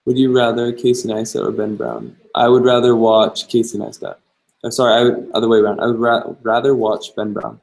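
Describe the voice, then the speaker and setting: A man's voice: medium pitch, fairly quick, vocal fry, darkish tone, rough recording. A young man hosting a live-stream Q&A, answering viewer questions in an easygoing way and thinking aloud as he goes. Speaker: travel vlogger host.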